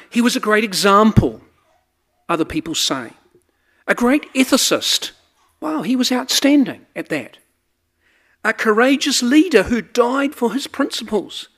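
Guy preaching a sermon, pretty high voice, lively and emphatic. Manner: animated, emphatic preaching with rhetorical questions.

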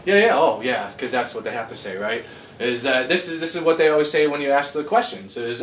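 In a living room, a man with a mid-range voice rants casually and sarcastically, swearing constantly and speaking a little fast. He is animated and profane throughout. The mic sits at a distance, so the room sounds roomy.

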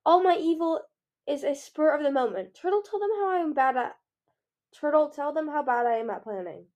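A woman's voice: fairly high pitch, animated, fairly quick, darkish tone, lightly acted. A woman voicing an anxious, defensive young female dragon with flustered protests.

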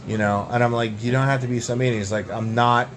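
A young man co-hosting a podcast, telling absurd tall tales in a deadpan, rambling way. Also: medium pitch, a little fast, slight background noise. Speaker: podcast co-host. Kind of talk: absurd comedic banter.

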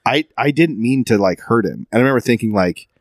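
A man in his thirties telling animated stories in a casual chat, laughing often. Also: medium pitch, quick pace, no room sound.

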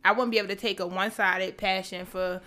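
A woman's voice: medium pitch, steady tone, fast, sharp tone. A woman co-hosting a podcast in casual banter, blunt and profane, often laughing. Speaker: podcast co-host.

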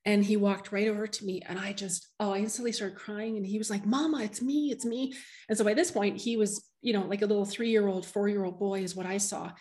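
A woman's voice: medium pitch, little pitch movement, fast talker, few pauses, a little mellow. A middle-aged woman who works as a medium, telling a heartfelt personal story in an interview, often restarting her sentences.

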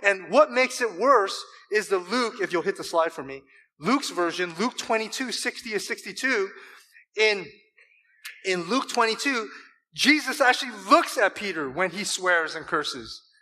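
A man's voice: high-pitched, animated, unhurried, sharp tone. A man preaching a sermon to a church congregation, emphatic and full of rhetorical questions. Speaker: pastor.

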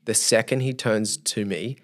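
A man's voice: fairly low pitch, measured pace. A young man, a youth leader telling a story as a podcast guest, acting out his own thoughts as he goes. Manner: animated storyteller who acts out his own inner thoughts.

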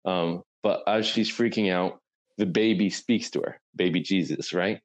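Low-voiced man; loose, rambling conversational storyteller. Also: normal speed, low-quality recording. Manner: rambling retelling, full of "like" and "right?". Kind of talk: casual conversation.

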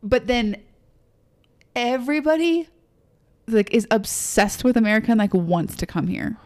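A woman's voice: fairly high pitch, moderate pace, a little mellow. A young woman co-hosting a podcast, chatting casually, laughing often and acting out quoted voices. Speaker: podcast co-host.

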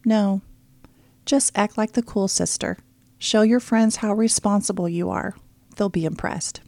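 A woman's voice: mid-range voice, steady tone, measured pace, a little mellow, no echo, natural voice. A woman voicing a firm, protective middle-aged father in an audiobook, speaking in coaxing and stern turns. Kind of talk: audiobook character reading.

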